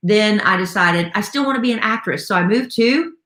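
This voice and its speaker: A woman's voice: mid-range voice, brisk, fairly bright tone. A woman, a radio host telling her story in a chatty way with lots of fillers. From South Carolina, USA. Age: 50s. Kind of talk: casual chat on a live stream. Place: home room. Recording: roomy echo in a home room.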